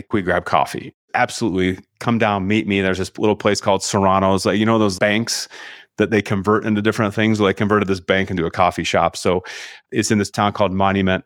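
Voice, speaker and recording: A man's voice: lowish voice, no room sound, studio quality. A middle-aged man, a sales leadership coach, telling a story as a podcast guest and acting out the dialogue with energy.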